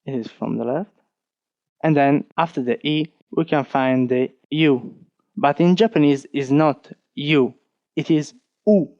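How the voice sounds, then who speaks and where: A man with an Italian accent, teaching an online lesson, talking slowly and patiently and counting strokes aloud. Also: mid-range voice, a little mellow, no echo, dull audio. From Italy. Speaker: language teacher.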